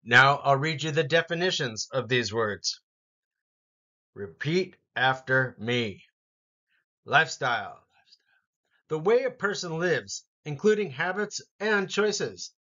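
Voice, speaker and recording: A man teaching an English vocabulary lesson, saying each word slowly and clearly for learners to repeat. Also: a little high, animated, bright, forceful tone, dull audio. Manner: slow, deliberate word-by-word pronunciation.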